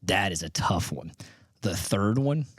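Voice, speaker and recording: A middle-aged man talks through survey numbers in an animated, emphatic way, often restarting his sentences. His voice sits on the low side. The recording is dry and close, with no room sound. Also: measured pace, no echo. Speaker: podcast host. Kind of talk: solo commentary on survey results.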